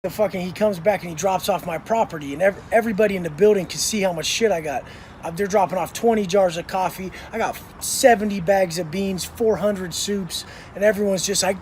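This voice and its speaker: A man's voice: high voice, fairly quick, darkish tone, slight background noise. A man telling prison stories in an intense, blunt monologue, swearing heavily. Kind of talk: profane storytelling monologue.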